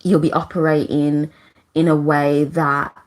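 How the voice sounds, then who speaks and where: A woman's voice: sits low, little pitch movement, a little slow. A woman hosting a casual live astrology talk, rambling with many fillers and restarts, emotional and close to tears, laughing between points. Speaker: astrology channel host. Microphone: camera.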